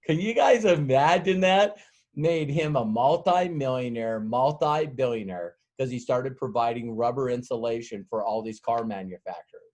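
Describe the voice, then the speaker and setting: A man's voice: medium pitch, moderate pace, a little mellow. A middle-aged man giving a casual sales training talk, telling a rambling, folksy story and acting out the dialogue. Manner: rambling, folksy, laughs often, acts out dialogue.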